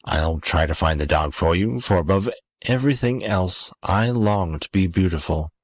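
A man's voice: low-pitched, lively intonation, moderate pace, dry recording. A man voicing a poor, miserable glass blower in a storybook reading, with a pleading, earnest manner. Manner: pleading, then eager.

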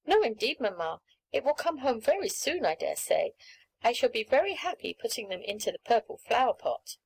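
A woman's voice: a little high, very animated, normal speed, gravelly, breathy edge, exaggerated voice, low-quality recording. A woman voicing an eager, pleading little girl in a storybook reading, with a raised, earnest voice.

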